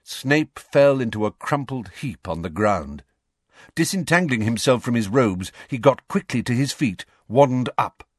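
A man reading an audiobook as narrator, in a measured, expressive manner. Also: medium pitch, slightly rough, no room sound, clean studio sound.

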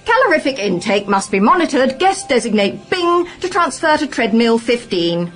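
A woman's voice: on the high side, sing-song, moderate pace, a bit bright, soft background music, pitched above the performer's own voice. A woman voicing a bossy male trainer robot that barks clipped, officious commands.

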